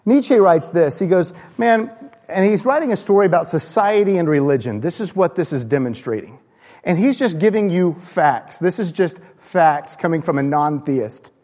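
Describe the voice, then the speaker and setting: A man preaching a sermon, impassioned, swinging from loud raised bursts to low hushed lines. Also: animated, normal speed. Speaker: pastor. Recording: long hall reverb.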